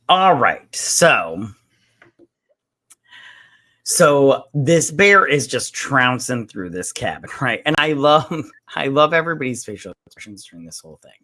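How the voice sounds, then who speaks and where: A man's voice: medium pitch, slow, pauses often. A man co-hosting a casual movie review podcast, swearing freely and acting out lines from the film as he retells it. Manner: profane, animated retelling with quoted voices. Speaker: podcast co-host.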